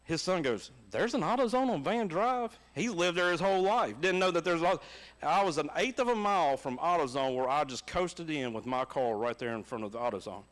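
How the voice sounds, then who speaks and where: A middle-aged man with a Southern American accent, preaching a sermon and telling funny personal stories in a folksy, animated way. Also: on the high side, brisk. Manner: folksy and animated, laughing at his own stories. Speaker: pastor. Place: church.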